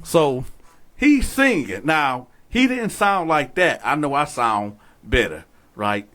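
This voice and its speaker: Animated man telling a story to viewers. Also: a little high, slow pace. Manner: animated, profane, talks straight to viewers. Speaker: storyteller host. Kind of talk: casual storytelling to camera.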